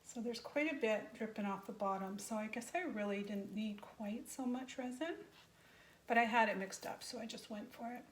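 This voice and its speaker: A woman's voice: medium pitch, moderate pace, echoey room, slight background noise. A woman giving a casual, rambling craft tutorial, talking into her phone camera, a little out of breath. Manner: chatty, rambling, self-deprecating. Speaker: craft vlogger.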